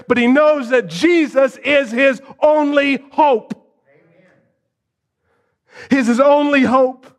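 Male preacher, high voice, dramatic storytelling, hushed to loud, rhetorical questions. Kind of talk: sermon.

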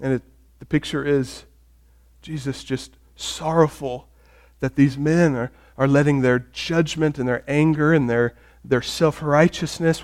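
A man preaching a sermon as a pastor, conversational and storytelling, dropping soft when he reads scripture. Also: fairly high pitch, steady tone, unhurried.

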